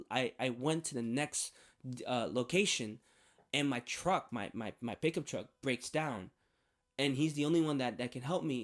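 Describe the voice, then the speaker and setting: A young man telling a personal faith story in a rambling, hesitant way, full of restarts and fillers. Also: medium pitch. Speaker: vlogger sharing a faith testimony.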